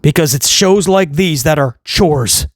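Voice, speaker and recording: A man hosting a wrestling review, ranting sarcastically and swinging between loud mocking outbursts and low muttering. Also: a little slow, dry recording, studio quality. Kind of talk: opinionated review rant.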